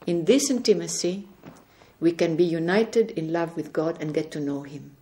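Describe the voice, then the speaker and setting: A woman giving an earnest spiritual testimony at home, gently recounting conversations. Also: on the low side, moderate pace. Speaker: religious speaker. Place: indoors at home.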